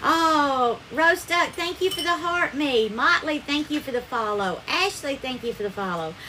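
Southern lady doing a live cooking stream, high bright voice, sweet and chatty, calls everyone darling, bit of kitchen noise. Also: animated, normal speed. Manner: effusive, calls viewers darling, thanks them by name. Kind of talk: casual live-stream chat and cooking demo.

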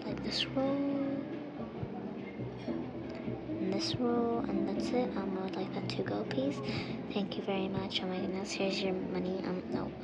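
A woman voicing a hurried female customer, soft and pleading, late for work in a game role-play. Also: medium pitch, steady tone, over loud music, lightly acted.

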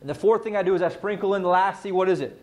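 Guy running a sales training in front of a room, fairly high voice, punchy, keeps quizzing people. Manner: energetic, quizzes the audience, rapid questions. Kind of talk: live sales training talk. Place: training room with a live audience.

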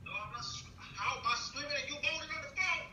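A man's voice: extremely high pitch, fast talker, bright, forceful tone, a little hiss or hum. A man with a strong accent, arguing angrily on a phone call, heated and accusing, repeating himself. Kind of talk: angry phone argument. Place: heard over speakerphone in a room. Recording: echoey speakerphone playback.

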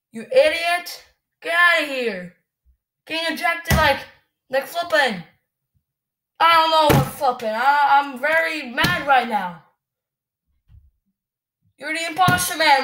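Woman gamer, high pitch, unhurried delivery, angry ranting commentary, cursing. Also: animated, noisy background. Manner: cursing, ranting, quick to shout.

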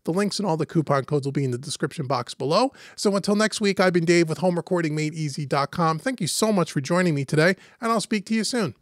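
A man hosting a casual, step-by-step software tutorial. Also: fairly high pitch, expressive, fast, hardly any pauses, dry recording, clean studio sound. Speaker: host and instructor. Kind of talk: screen-recorded software tutorial.

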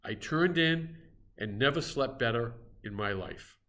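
Male reader, mid pitch, steady and expressive novel narration. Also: a little slow. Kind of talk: reading a classic novel aloud.

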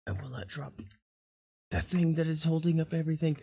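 A woman game streamer talking casually to her viewers while playfully scolding an excited dog in a sing-song voice. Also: low-pitched, moderate pace, breathy edge. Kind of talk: casual stream chat with pet.

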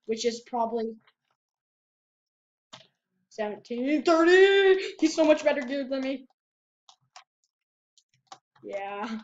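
A woman giving casual gameplay commentary at her computer, excitable and prone to repeating herself. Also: high-pitched, slight background noise. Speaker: gamer. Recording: dull lo-fi home mic.

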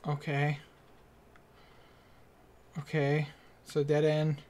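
A man's voice: fairly high pitch, completely flat delivery, extremely slow, darkish tone. A man giving nervous, muttering commentary as he plays through a horror game on his channel, speaking into a desk microphone. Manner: nervous, jumpy, muttering to himself. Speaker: gaming channel host.

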